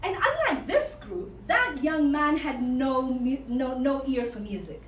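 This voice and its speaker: A woman storyteller with a high, lively voice, telling her tale slowly and playfully to a live group. She is heard from some way off the mic in an echoey room, with clear background noise. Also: distant mic. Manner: playful, drawing the audience in.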